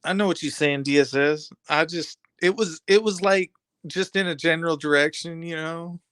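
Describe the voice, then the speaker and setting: A man's voice: on the high side, normal speed, fairly bright tone, clean tone, no echo, studio quality. A man hosting a live stream, chatting casually and rambling to his viewers in streetwise slang.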